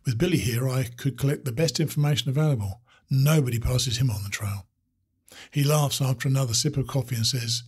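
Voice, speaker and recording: A man reads a story aloud in a steady, descriptive way. His voice sits in a middle pitch and carries a husky, raspy grain. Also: a little fast.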